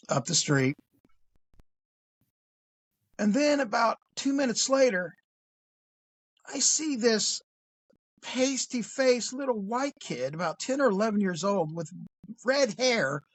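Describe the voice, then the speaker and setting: A man's voice: high-pitched, no room sound. A man telling a crime story in a casual, blunt, profane way.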